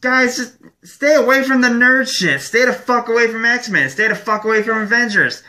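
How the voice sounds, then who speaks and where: A man's voice: extremely high pitch, normal speed, sharp tone. A man from Michigan hosting his own show, ranting angrily with heavy profanity. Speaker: show host. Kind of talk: ranting vlog monologue.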